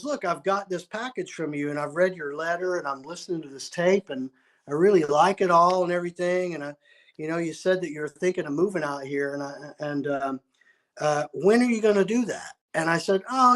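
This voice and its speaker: A man's voice: fairly high pitch, fairly quick. A man, a musician, telling a long story in an interview, acting out quotes and often restarting his sentences. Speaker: musician guest.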